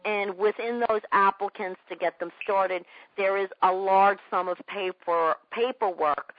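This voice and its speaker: A woman's voice: medium pitch, fairly even intonation, measured pace, lo-fi sound. A woman sales trainer coaching a trainee over a call. She repeats her points, acts out both sides of a sales call, and keeps asking whether it makes sense.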